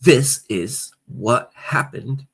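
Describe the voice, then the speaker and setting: A man's voice: medium pitch, very slow, vocal fry, fairly bright tone, husky. A man co-hosting a casual political podcast, ranting heatedly and swearing often. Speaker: podcast co-host.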